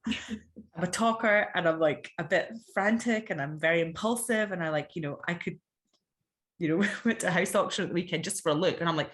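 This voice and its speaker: A woman's voice: fairly low pitch, normal speed, a bit bright. A Scottish woman in her thirties, a podcast guest talking candidly and animatedly, full of fillers and quoted asides. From Scotland. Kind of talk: candid conversational interview.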